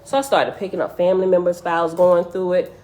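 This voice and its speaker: A woman's voice: lowish voice, little pitch movement, fast, darkish tone. A woman telling a dream story to her listeners in an earnest, emotional way, speaking to them directly.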